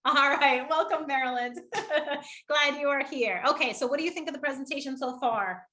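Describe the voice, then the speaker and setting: A woman runs an online workshop on public speaking in a high, bright voice. She is energetic and encouraging and laughs often as she coaches the participants. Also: moderate pace.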